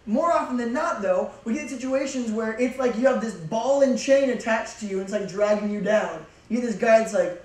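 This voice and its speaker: A man's voice: very high voice, a little fast, hardly any pauses, far from the mic. Young man preaching in an echoey hall. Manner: casual, joking, emphatic. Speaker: youth pastor. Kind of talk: youth sermon. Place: church youth hall.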